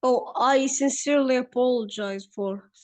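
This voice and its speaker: A hesitant student reading aloud. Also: female voice, high-pitched, normal speed. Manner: reads phrases aloud hesitantly. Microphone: video call.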